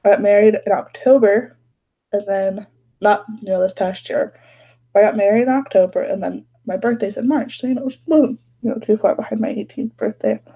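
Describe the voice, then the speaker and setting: A woman's voice: medium pitch, moderate pace, slightly rough, lo-fi sound. A young woman chatting casually while doing her makeup at home, rambling with lots of fillers. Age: young adult. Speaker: beauty vlogger. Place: bedroom at home.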